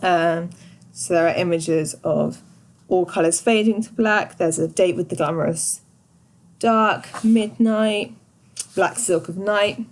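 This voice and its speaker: A woman giving a revision lesson on a poem, thoughtful and pausing often with small fillers. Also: fairly low pitch. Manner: slow, thoughtful, pauses often with ums. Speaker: teacher.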